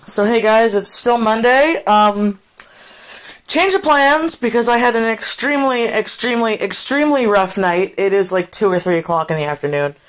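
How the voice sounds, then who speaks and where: Soft-spoken rambling woman vlogger. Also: a little high, normal speed. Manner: rambling, swears casually; soft hushed voice late at night. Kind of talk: casual vlog chat. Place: outdoors at night walking a dog.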